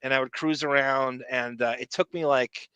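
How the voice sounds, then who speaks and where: A man's voice: medium pitch, fairly even intonation, moderate pace, fairly bright tone, clear, resonant tone, dry recording, dull audio. A man with a Long Island accent co-hosting a podcast, rambling casually and jokily with many fillers and restarts. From Long Island, New York. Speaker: podcast co-host. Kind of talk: casual chat.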